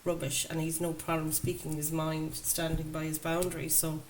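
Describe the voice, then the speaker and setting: This tarot reader is a woman whose voice sits low and monotone at a moderate pace. She chats enthusiastically with her viewers and laughs often. The recording is low quality, with faint background noise.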